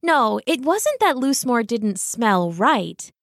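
Storybook narrator: woman, gentle and expressive, slow, dry close mic. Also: on the high side, dry recording.

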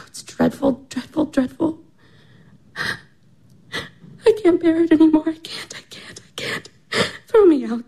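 A young woman of twenty-four at the end of her rope, anguished and close to weeping. Her voice sits a little high yet sounds dark and mellow. It often drops into a breathless whisper. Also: fairly even intonation, moderate pace. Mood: despairing. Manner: anguished, tearful, breaking into whispers. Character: despairing young woman nearly twenty-four, weary of life. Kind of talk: stage drama acting.

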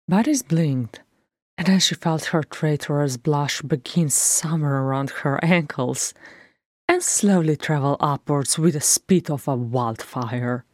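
A woman reading a fantasy novel aloud as a fan audiobook, in a measured storytelling manner. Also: deep voice, expressive, a little mellow, no room sound, studio quality. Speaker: audiobook reader.

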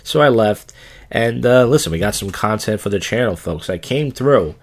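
A man's voice: lowish voice, lively intonation, moderate pace. A man hosting his own podcast, telling stories in a loose, crude, self-deprecating ramble. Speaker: podcast host. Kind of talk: casual rambling monologue.

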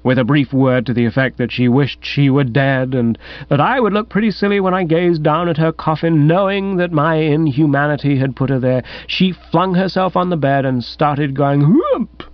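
A man narrating a comic first-person story in a wry, animated storytelling manner. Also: on the high side, moderate pace, no echo. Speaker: audiobook narrator. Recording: dull, dry recording.

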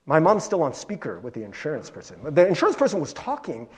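A male pastor giving a conversational sermon, animated and chatty, peppering his talk with "like" and "right?". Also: a little high, fast.

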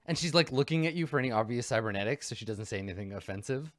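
Lively, rambling male game master. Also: mid-range voice, very fast, few pauses, no echo, studio quality. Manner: loose, rambling, full of fillers and laughs. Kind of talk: narrating a tabletop game.

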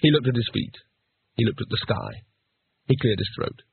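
Guy reading a storybook aloud, husky voice, dry and tinny like over a phone. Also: mid-range voice, lively intonation, normal speed, no echo. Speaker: audiobook reader. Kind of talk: audiobook narration.

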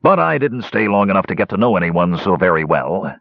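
A man's voice: low-pitched, sing-song, brisk, creaky, no room sound, exaggerated voice. A man voicing a friendly, gossipy male dwarf traveler, in a raised and eager voice. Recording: dull, dry close recording.

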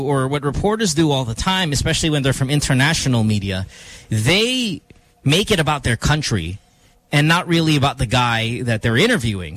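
A man's voice: mid-range voice, a bit bright. A man hosting a casual morning radio show in a studio, joking and rambling with fillers.

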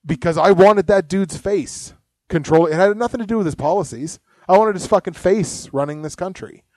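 A man's voice: sits high, moderate pace, darkish tone, dry recording. A man hosting a casual podcast, rambling, swearing constantly and laughing at his own jokes. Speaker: podcast host. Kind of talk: casual profane podcast chat.

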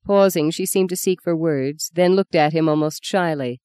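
A reader narrating an audiobook in a measured, even storytelling manner. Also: mid-range voice, smooth, dry recording, studio quality.

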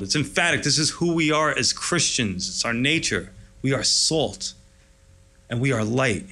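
A man's voice: medium pitch, bright, forceful tone. A man preaching a sermon in an enthusiastic, conversational, storytelling way. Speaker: pastor.

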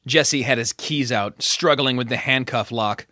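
A man reading an audiobook with a bright, forceful tone and measured, dramatic pacing. He is close-miked in a dry studio with no room sound. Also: mid-range voice, no echo. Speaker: narrator. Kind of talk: audiobook narration.

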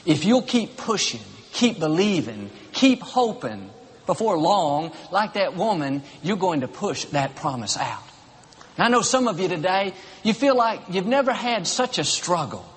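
A man's voice: high-pitched, very animated, unhurried. A man preaching a sermon, encouraging and rhythmic, in short repeated phrases. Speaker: pastor. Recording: long reverb of a large hall.

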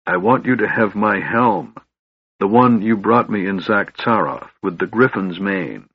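A man voicing a grumpy, stubborn old male dwarf who is seasick, in a gruff, irritable storybook voice. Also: fairly low pitch, unhurried, no echo. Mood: grumbling. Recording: slightly dull, dry recording.

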